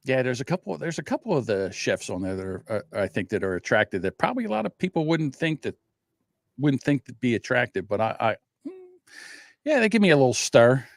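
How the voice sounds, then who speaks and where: A man's voice: mid-range voice, sing-song, brisk, vocal fry, no echo, clean studio sound. A man hosting a podcast, telling stories animatedly, acting out quotes and swearing freely. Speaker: podcast host. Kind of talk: casual chat.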